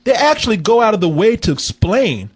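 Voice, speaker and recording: A man hosting a film review chat with a slightly high, husky voice. His pitch swings widely as he rambles through profane, joking tangents. The talk is loose and casual. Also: fairly quick. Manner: animated, profane, rambling storytelling. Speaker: film review podcast host.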